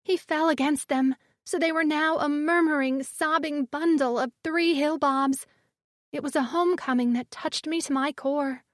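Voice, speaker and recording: A woman's voice: sits high, fairly even intonation, moderate pace, no room sound, clean studio sound. A woman reading first-person audiobook narration with emotive storytelling.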